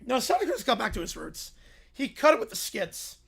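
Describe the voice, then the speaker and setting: A man's voice: extremely high pitch, very animated, a little fast, vocal fry, fairly bright tone, breathy edge. A man hosting a livestream, chatting casually and rambling as he reacts to videos, chuckling now and then. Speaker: livestream host.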